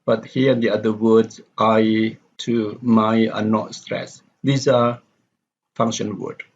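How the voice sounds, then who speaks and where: A man's voice: lowish voice, flat delivery, takes it slowly, a little hiss or hum. A man teaching a pronunciation lecture from slides, steadily reading example sentences aloud and repeating them. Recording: dull lo-fi recording.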